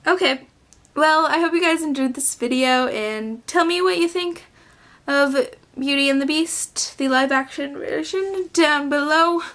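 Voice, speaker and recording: Young woman, vlogger, rambling, filler-heavy, self-interrupting, somewhat high voice. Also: unhurried, fairly bright tone. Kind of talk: casual film review vlog.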